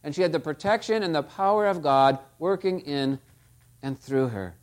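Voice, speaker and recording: High-voiced male pastor preaching. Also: normal speed. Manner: storytelling with rhetorical tag questions. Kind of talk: sermon.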